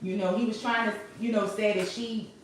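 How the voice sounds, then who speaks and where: A woman hosting a casual recap, talking with animated emphasis. Her voice sits at a middle pitch and comes from some distance off the mic. The room is very echoey, with a faint hum of ambience behind her. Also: normal speed. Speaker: host.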